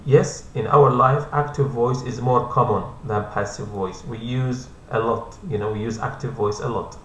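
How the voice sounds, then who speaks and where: A man teaching an English grammar lesson, repeating each point slowly and patiently, speaking English as a second language with Arabic as his first. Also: medium pitch, steady tone. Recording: echoey room, faint hum.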